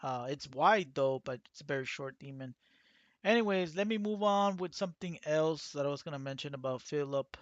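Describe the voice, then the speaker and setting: A man's voice: on the high side, expressive, fairly quick, dry recording, lo-fi sound. A man hosting his own channel, talking casually and rambling with many fillers and restarts. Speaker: channel host. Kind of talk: casual talk to camera.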